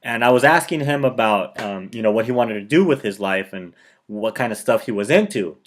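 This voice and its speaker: A man's voice: on the low side, lively intonation, a little fast. A man talking casually to the camera, giving motivational advice and telling personal stories, often checking in with his viewers. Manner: conversational, keeps checking in with "okay?"; chatty storyteller who quotes himself and others. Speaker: motivational video host.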